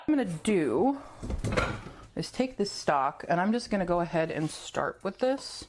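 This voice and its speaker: A woman's voice: lowish voice, very animated, normal speed, noisy background. Chatty woman cooking at home. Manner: rambling, laughs often, talks to herself while cooking. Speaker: cooking video host. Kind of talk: casual chatty cooking vlog. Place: home kitchen.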